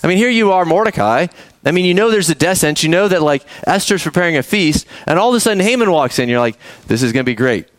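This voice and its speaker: Guy preaching a sermon, high bouncy voice, acts out the characters, dry sound. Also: fast talker, no room sound. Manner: animated storytelling, acting out characters, addressing kids. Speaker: pastor.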